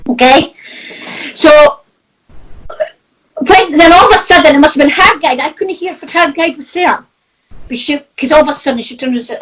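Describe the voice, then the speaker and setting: She's a middle-aged psychic medium from north-east Scotland whose Doric accent colours a casual, story-filled chat peppered with laughter and swearing. Her voice is high and runs at normal speed. The audio quality is poor.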